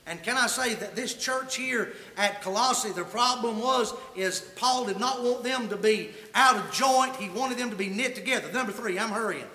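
A man's voice: high-pitched, moderate pace, few pauses, sharp tone. A man preaching a sermon, telling a humorous personal story in a folksy, colloquial way. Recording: echoey hall reverb.

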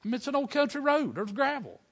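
A man's voice: extremely high pitch, very animated. A middle-aged man, preaching a folksy storytelling sermon with fervent bursts of praise. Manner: fervent, building to loud praise shouts; folksy dialect, drawn-out emphasis.

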